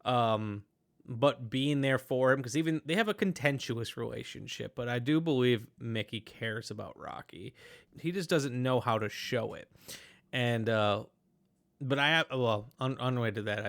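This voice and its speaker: A man hosting a podcast, chatting casually about a film, talking in animated, rambling bursts with many restarts and fillers. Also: medium pitch, moderate pace, vocal fry. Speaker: podcast host. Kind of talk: casual movie review chat.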